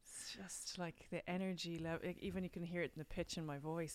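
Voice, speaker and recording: An Irish woman hosts a podcast in easy, casual conversation, full of enthusiasm and thanks for her guest. Her voice is smooth and clear and sits fairly low for a woman. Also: steady tone, normal speed. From Ireland. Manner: warm, effusive, grateful. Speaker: podcast host. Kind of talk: casual interview chat.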